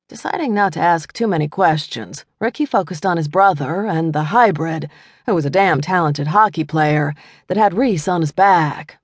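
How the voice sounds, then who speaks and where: A woman reads a fantasy romance novel aloud with a lively, swooping delivery. Her voice sits a little low, and the recording is close and dry with no room sound. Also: no echo. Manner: expressive, voices each character in dialogue. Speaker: audiobook narrator. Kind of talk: scripted narration.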